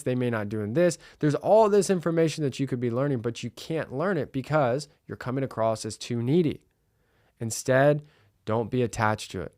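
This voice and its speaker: Energetic man coaching on sales. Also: mid-range voice, dry recording, studio quality. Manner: energetic, acts out customer dialogue. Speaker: podcast host.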